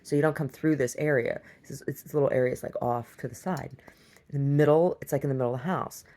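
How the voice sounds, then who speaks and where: Middle-aged woman, video diarist, low gravelly voice, rambling storyteller who laughs a lot. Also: fairly even intonation, fast, warm tone. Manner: laughs often, acts out quoted voices, many restarts. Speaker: video diary vlogger.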